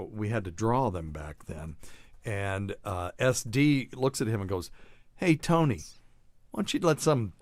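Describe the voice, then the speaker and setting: A man's voice: fairly low pitch, no echo. A middle-aged man, a doctor hosting a show, telling profane, rambling anecdotes in casual chat.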